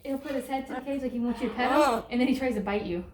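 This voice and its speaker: A woman's voice: high voice, rapid-fire, a crowd in the background. A woman chatting casually at an outdoor zoo, explaining and warning about a mean bird. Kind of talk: casual chat.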